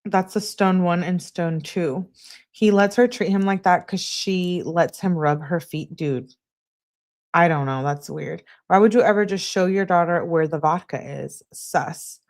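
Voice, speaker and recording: A woman on a live stream reading text messages aloud in a steady voice, breaking off to answer her chat. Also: fairly low pitch, measured pace. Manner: flat reading, asides to chat.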